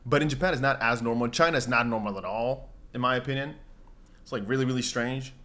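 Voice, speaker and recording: Young man, livestream host, lively sing-song voice, slightly high, rambling casual chat, mock exclamations. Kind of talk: casual livestream chat, reading viewer comments.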